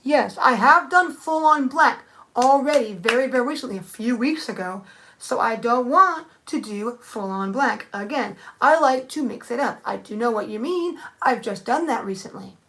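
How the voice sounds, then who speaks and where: A woman's voice: on the high side, lively intonation, normal speed, bright, forceful tone. A young woman thinking aloud in a rambling, casual live-stream chat, answering viewers with many restarts. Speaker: nail art streamer.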